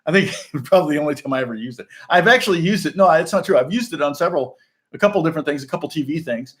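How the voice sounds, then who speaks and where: This man's voice sits on the high side and is animated, racing along as he chats as a session guitarist responding to viewer questions. His rambling stories are loose, packed with fillers and restarts, and punctuated by guitar demonstrations heard in the background.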